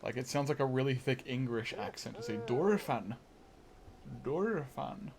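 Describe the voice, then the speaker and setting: A man's voice: mid-range voice, fairly even intonation, fast, a crowd in the background. A man rambling through casual live gameplay commentary, full of fillers and restarts. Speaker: game streamer.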